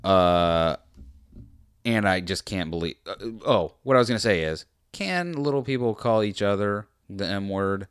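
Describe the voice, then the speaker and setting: A man hosting a commentary video, reading tweets aloud and mocking them in a sarcastic, rambling way that swings between loud outbursts and muttering. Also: on the low side, expressive, a little slow, clear, resonant tone, dry recording, clean studio sound.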